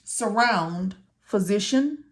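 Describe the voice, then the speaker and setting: A woman's voice: medium pitch, lively intonation, slow pace. A woman teaching medical coding step by step, repeating key words and asking and answering her own questions. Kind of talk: step-by-step tutorial walkthrough.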